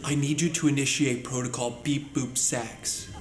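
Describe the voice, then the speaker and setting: A weary starship captain, played by a man sounds dry and resigned and speaks at an ordinary pitch. The recording is roomy and echoey, with music under it. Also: fairly even intonation, moderate pace, natural voice. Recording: echoey room with music and noise.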